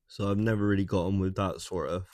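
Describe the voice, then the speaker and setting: A man hosting a livestream, chatting casually with viewers in a hesitant, soft-spoken way and often repeating his words. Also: low-pitched, level tone, fast talker, no room sound, studio quality. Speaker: livestream host. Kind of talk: casual chat with live viewers.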